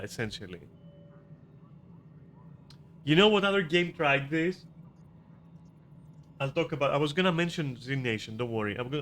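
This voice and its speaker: A man's voice: on the high side, fairly bright tone, a little hiss or hum. A man ranting about a video game in casual commentary, profane and exasperated, often restarting his sentences. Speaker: gaming video creator.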